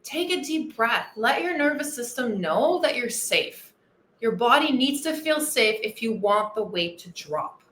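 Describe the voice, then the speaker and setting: A woman's voice: fairly high pitch, expressive, a little slow, a bit bright, roomy sound. A woman weight-loss coach hosting a motivational podcast monologue, enthusiastic and earnest, repeating her key phrases.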